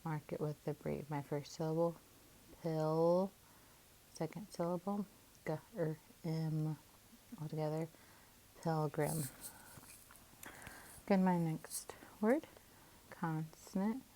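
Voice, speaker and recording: A woman teacher calmly walking through syllable division, sounding out each part of a word. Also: sits low, measured pace, long pauses, a little hiss or hum, poor audio. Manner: calm, methodical, sounds out syllables. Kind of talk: phonics lesson, syllable division.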